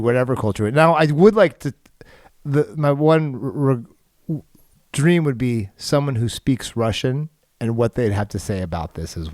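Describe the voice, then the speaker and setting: A man's voice: mid-range voice, darkish tone, dry recording, studio quality. A man co-hosting a film podcast, rambling casually with lots of fillers and chuckles. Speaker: podcast co-host. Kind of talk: casual chat.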